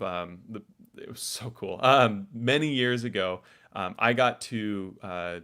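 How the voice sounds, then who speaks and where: A man's voice: medium pitch, a bit bright. Chatty man teaching ukulele. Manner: casual, chatty explanations with many asides. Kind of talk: live online music lesson.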